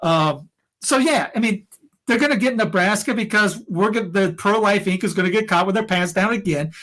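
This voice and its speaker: High-voiced heated man. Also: brisk, a bit bright. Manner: rambling, heated, many restarts and fillers. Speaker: podcast co-host. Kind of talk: casual opinion chat.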